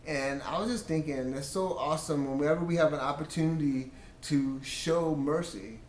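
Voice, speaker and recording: A man's voice: a little high, moderate pace, darkish tone, echoey room, slight background noise. A man sharing a casual Christian testimony about his marriage in an earnest storytelling way, quoting himself and his wife.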